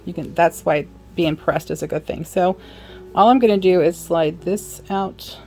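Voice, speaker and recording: Over soft background music, a woman with a fairly low, darkish voice gives a casual sewing demonstration at an unhurried pace. She's a sewing instructor who chats as she works, dropping apologetic asides along the way.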